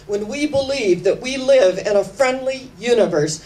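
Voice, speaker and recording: A woman giving an inspirational sermon, telling stories with slow, emphatic phrasing that sometimes sinks to hushed tones. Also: a little high, expressive. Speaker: spiritual speaker. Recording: distant mic with faint background noise.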